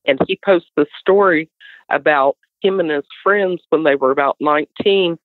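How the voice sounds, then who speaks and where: A woman's voice: deep voice, moderate pace, no echo. West Virginian woman on a tinny line. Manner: animated storyteller, acts out others' voices. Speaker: guest. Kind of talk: casual storytelling. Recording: tinny dry phone line.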